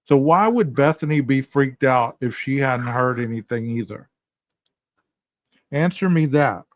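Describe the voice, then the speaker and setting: A man's voice: fairly high pitch, dry recording, highs cut off. A man hosting a casual commentary podcast, asking his listeners rhetorical questions directly. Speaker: podcast host.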